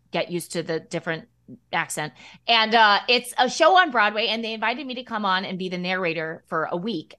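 A woman with a Midwestern American accent, a guest actress chatting in a radio studio interview, bubbly and full of restarts. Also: mid-range voice. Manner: bubbly, animated, many restarts. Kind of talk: casual interview chat.

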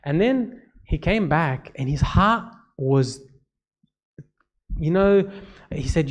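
A man's voice: a little high, lively intonation, slow pace, long pauses. A man who is a priest, giving an informal talk to church servants, telling stories. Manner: conversational storytelling, repeats words when emphasizing.

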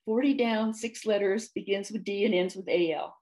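A woman's voice: medium pitch, fairly even intonation, moderate pace, darkish tone, lightly acted. A woman voicing a nasty, sulky old man who is a living crossword puzzle, snarling and disagreeable.

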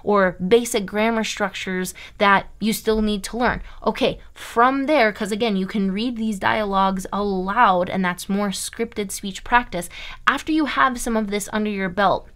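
A woman's voice: mid-range voice, a little slow, a bit bright. A woman from Iowa, teaching German online in an emphatic, chatty way that keeps checking in with "okay?". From Iowa, USA. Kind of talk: online language lesson.

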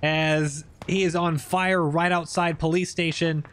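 A man giving lively, joking play-by-play commentary over tactical shooter gameplay as the channel host. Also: fairly high pitch, measured pace, a little hiss or hum.

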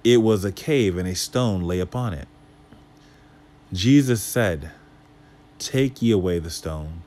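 Male Bible teacher, lowish voice, reads verses then explains, casual and questioning. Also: takes it slowly, a little mellow. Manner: casual asides to the listeners.

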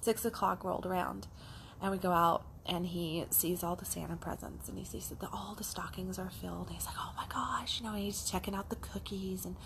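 A middle-aged woman coach telling a casual, animated story, acting out the lines of her child and herself. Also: fairly low pitch, a little fast, gravelly, background noise. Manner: animated, acts out a child's voice and her own in quotes. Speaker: life coach.

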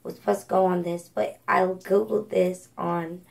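A woman's voice: on the low side, flat delivery, moderate pace, creaky, a little mellow, low-quality recording. A woman from Georgia, chatting casually through a thrift haul with lots of ums and self-corrections. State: coughing from allergies. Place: home at night.

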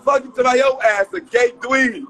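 A man with a Chicago accent in rowdy livestream banter, loud and often shouting in profane street slang. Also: extremely high pitch, moderate pace, faint music behind, poor audio.

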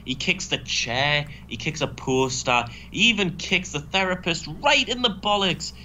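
Animated man with sarcastic banter. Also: sits high, measured pace, slight background noise. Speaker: co-host. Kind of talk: casual gaming commentary.

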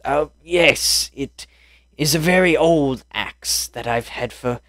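A man voicing a cryptic old hag who talks slowly and calls people dearie. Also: on the high side, a bit bright, no echo, studio quality, voice pushed up. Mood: coaxing. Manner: slow, coaxing, calls people dearie and sonny.

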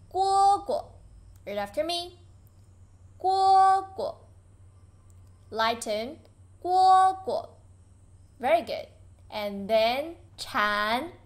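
A woman teaching Chinese vocabulary as a language teacher, saying words clearly and drawing them out for learners to repeat. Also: fairly high pitch. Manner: patient, clear, drawn-out pronunciation for learners. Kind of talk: slow vocabulary lesson with repeat-after-me drills.

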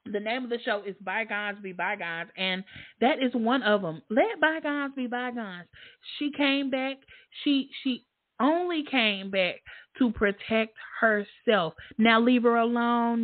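Woman streamer, chatty commentary, animated leaps up in pitch, tinny phone-like audio, dead dry room. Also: measured pace, no echo. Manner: animated, reads chat comments aloud, swings high for emphasis. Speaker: livestream host. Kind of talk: casual live-chat commentary.

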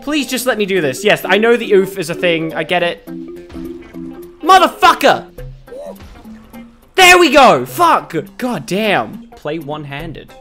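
A woman's voice: lowish voice, moderate pace, hardly any pauses, soft background music. A woman streaming a game live, chatting to viewers in a jokey, swear-filled commentary. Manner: animated, swears a lot, jokey.

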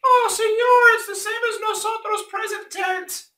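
A man putting on the voice of a whiny, complaining teenage language student in a high falsetto, with melodramatic protests. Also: fairly even intonation, unhurried, pushed and bright, exaggerated voice. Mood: protesting. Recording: echoey room, voice from a distance.

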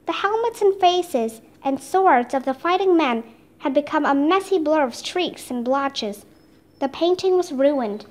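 A woman reads a children's chapter book aloud with steady, expressive narration. Her voice is high and moves through a wide, lively pitch range. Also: unhurried. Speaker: storybook reader.

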